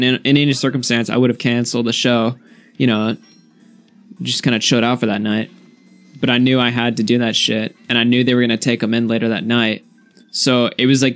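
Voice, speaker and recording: A man's voice: mid-range voice, fairly bright tone. Profane rambling young man telling a story. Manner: rambling, profane, heavy use of "like". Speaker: streamer. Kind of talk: casual storytelling to chat.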